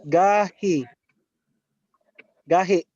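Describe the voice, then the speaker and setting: A man's voice: high voice, very slow, darkish tone. A man, a student in a reading class, carefully repeating words after his teacher in a roomy, dull-sounding classroom.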